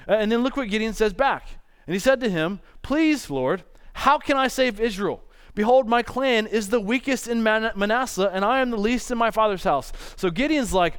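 A man preaching a sermon, retelling a scripture story in a casual, joking way with quick asides. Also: high-pitched, lively intonation, smooth.

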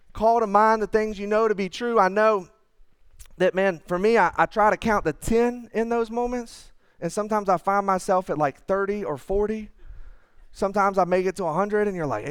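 A man preaches with a conversational, earnest warmth, at times falling into hushed asides. His voice sits high for a man and comes across smooth and clear. The sound is close and dry, with little room around it. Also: no room sound. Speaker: pastor. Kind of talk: sermon.

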